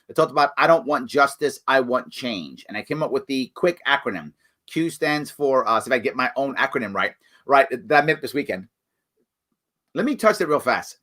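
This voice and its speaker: A man hosting a live political question-and-answer show, reading viewer comments and answering them in an earnest, animated way that swings between loud emphasis and quiet apology. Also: mid-range voice.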